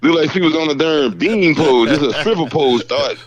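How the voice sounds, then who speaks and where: A man's voice: on the high side, fairly quick, crowd noise. A laid-back man in casual podcast chat, telling anecdotes and agreeing often. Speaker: podcast co-host. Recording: dry, dull lo-fi sound.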